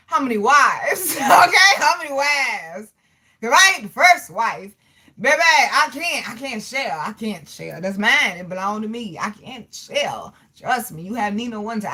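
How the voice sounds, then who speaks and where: A woman chats on a livestream, reading comments aloud. Her voice sits a little high and sounds bright and forceful. She teases her viewers and laughs a lot, tagging her lines with "okay?". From Portsmouth, Virginia, US. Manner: teasing, laughs often, frequent 'okay?' tags. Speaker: livestream host.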